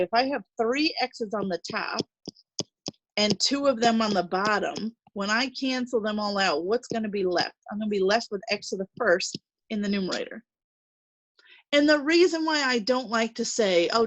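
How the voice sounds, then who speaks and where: A woman's voice: on the high side, dry recording, poor audio. A woman teaching a recorded math lesson, chatty and reassuring, thinking aloud as she works through problems.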